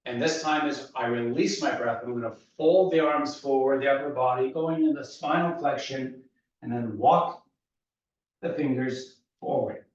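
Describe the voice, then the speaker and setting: A man's voice: mid-range voice, normal speed. Out-of-breath man coaching a workout, echoey room. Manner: calm, steady coaching cues. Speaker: fitness instructor. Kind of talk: guided workout instruction. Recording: echoey room, voice from far off, dull sound.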